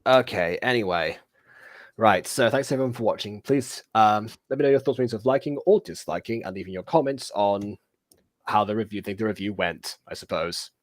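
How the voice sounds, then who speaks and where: A man's voice: on the low side, normal speed, no room sound, studio quality. A man hosting a livestream, wrapping it up in a matter-of-fact, slightly hesitant way. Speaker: host of the channel. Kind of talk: casual stream outro.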